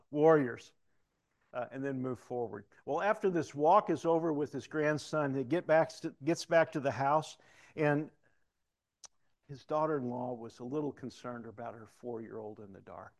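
A man preaching a sermon in a church in a folksy, conversational way, telling a story and then praying in a hushed, slow voice. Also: medium pitch.

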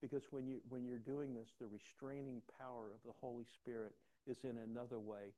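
Folksy older male preacher, mellow voice. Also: mid-range voice, level tone, a little fast. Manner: folksy, rambling, repeats words when starting a thought. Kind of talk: conversational sermon.

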